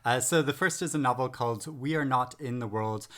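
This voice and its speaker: At home in England, a middle-aged man talks through new books in a casual book-haul vlog, enthusiastic and rambling with frequent hesitations. His medium-pitched voice is brisk and fairly bright.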